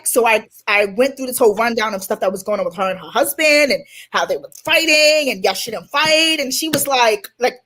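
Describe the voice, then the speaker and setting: A woman from Queens, New York, a guest life coach telling animated stories in an interview and acting out the dialogue. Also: a little high. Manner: animated, acts out quoted dialogue. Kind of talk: storytelling in an interview.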